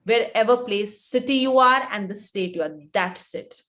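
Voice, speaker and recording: A woman's voice: medium pitch, normal speed, a bit bright. Indian woman coaching in a live webinar. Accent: Indian English. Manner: instructive, repeats points for emphasis. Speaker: image coach answering live questions.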